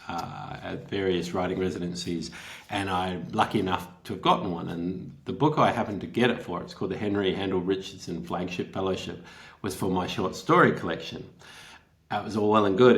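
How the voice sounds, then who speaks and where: A man, a writer, telling an anecdote as a guest, laughing often and acting out the quotes. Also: deep voice. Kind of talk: anecdotal storytelling in an interview.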